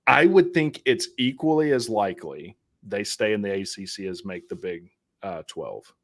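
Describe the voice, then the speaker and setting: A man's voice: fairly low pitch, animated, normal speed. A man with a Southern American accent, a guest on a sports podcast, talking casually with a joking, wry manner. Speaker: guest YouTuber. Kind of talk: casual interview chat.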